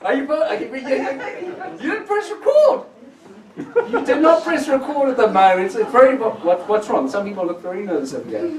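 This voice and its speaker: A high-voiced man works a theatre crowd as a comedy magician, playful and teasing, his pitch bouncing all over. He sounds far from the mic, and the hall echoes around him. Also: big pitch swings, fairly quick, a little mellow. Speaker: magician performing on stage. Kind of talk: comedy magic act with audience banter. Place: theatre stage before an audience. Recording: roomy echo from far off.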